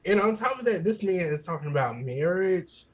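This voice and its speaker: A man's voice: high-pitched, lively intonation, fairly quick, slightly rough, rough recording. A man co-hosting a podcast in casual, joking chat with loose slang. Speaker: podcast co-host.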